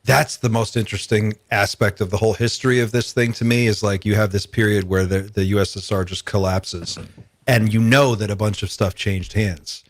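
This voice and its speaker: A man's voice: lowish voice, fairly even intonation, brisk, no echo. A man hosting a podcast in casual chat, thinking aloud in a musing, speculative way. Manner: musing, speculative, many fillers. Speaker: podcast host.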